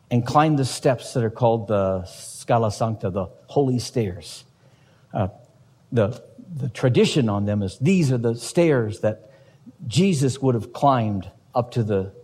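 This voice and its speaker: A man's voice: fairly low pitch, darkish tone, slightly rough, big-room sound. A man preaching a sermon as pastor, emphatic, with rhetorical questions to the congregation.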